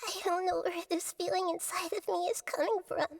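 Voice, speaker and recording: A woman voicing a gentle, wise young girl goddess in a video game, speaking softly and earnestly. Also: very high voice, steady tone, a little fast, creaky. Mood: sad, confused. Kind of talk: game voice acting. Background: game music.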